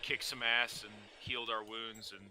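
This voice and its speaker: A man's voice: lowish voice, fairly even intonation, moderate pace, bright, forceful tone, a little hiss or hum, low-quality recording. A man joking around as a player at a tabletop game. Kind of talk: casual tabletop play.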